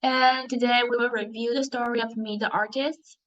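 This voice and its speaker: A woman teaching an online English class, with a Chinese accent. She speaks slowly and clearly and keeps asking her pupils questions. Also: on the high side, steady tone, fairly bright tone. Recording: dull lo-fi audio.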